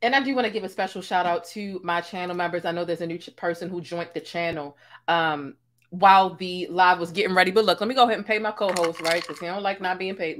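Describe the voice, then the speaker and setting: A woman's voice: lowish voice, a little fast. A woman hosting a casual live-stream commentary, talking to viewers in an emphatic, slangy way. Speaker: host of a commentary livestream.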